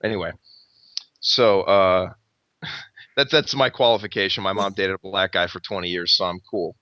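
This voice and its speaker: A man, a podcast host, telling a long story in casual chat, rambling and swearing constantly with lively energy. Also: low voice, normal speed, no echo. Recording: dull lo-fi recording.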